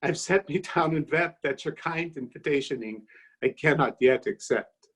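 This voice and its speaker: A man's voice: a little high, moderate pace, a bit bright, breathy edge, low-quality recording. A man reciting a rhymed comic toast in a put-on German accent, voicing a jolly, homesick exile in a hearty, sing-song way. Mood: boisterous.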